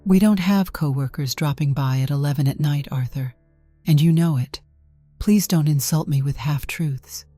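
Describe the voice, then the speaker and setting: A woman voicing a gentle, pressing wife. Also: low-pitched, normal speed, dry recording, faint music behind. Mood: urgent. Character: worried, determined wife, adult woman.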